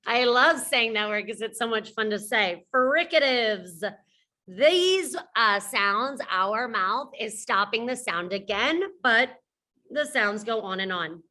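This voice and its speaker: Young woman teacher, very slow, encouraging phonics delivery for young learners. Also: on the high side, lively intonation, bright, forceful tone. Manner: slow, encouraging, models sounds. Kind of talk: children's phonics lesson.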